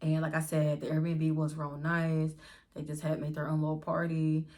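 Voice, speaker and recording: A woman's voice: low-pitched, normal speed. A young woman in a casual storytime vlog, chatting to viewers at home and calling them y'all. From Pittsburgh area, US. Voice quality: lively, swears freely, addresses viewers as y'all. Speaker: vlogger.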